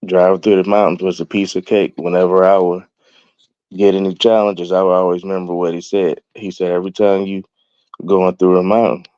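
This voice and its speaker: A man's voice: low voice, level tone, a little fast, darkish tone, clear, resonant tone, no echo. A young man telling a personal story as a guest, laughing as he goes and acting out the quoted dialogue. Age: young adult. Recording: dull, dry, lo-fi sound.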